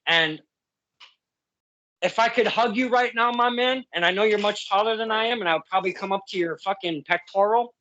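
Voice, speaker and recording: A man's voice: high voice, a little fast, sharp tone, dull audio. A man hosting a casual interview, effusive and heartfelt, rambling with many restarts. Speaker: podcast host.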